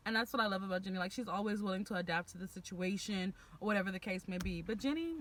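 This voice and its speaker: Her pitch sits in the middle, her pace is quick, and her tone is fairly bright. She's a young Texas woman with a Houston accent, animatedly vlogging about her friends in slang-filled, casual talk.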